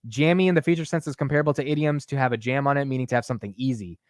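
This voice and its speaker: A man hosting a casual live stock market stream, animated and chatty, reading viewer comments aloud. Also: medium pitch, very fast, no echo, studio quality. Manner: animated and chatty, reads chat aloud, laughs easily. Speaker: stock market livestream host.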